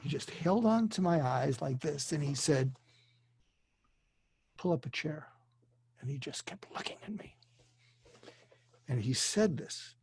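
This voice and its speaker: An older man, a psychiatrist, telling a story earnestly and deliberately, dropping to a hush for emotional moments. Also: a little high, expressive, creaky, slight background noise. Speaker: guest, psychiatrist. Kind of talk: storytelling in a conversation. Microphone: video call.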